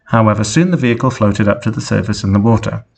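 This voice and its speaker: Deadpan story narrator, man, lowish voice. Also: fast, creaky. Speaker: story reader. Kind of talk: reading an absurd fan story aloud.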